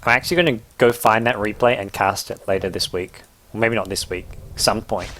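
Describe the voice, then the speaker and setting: A young man with an English accent giving live, joking play-by-play commentary on a video game, his pitch jumping up at big moments. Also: brisk. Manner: excitable, jokey play-by-play with sudden rises in pitch.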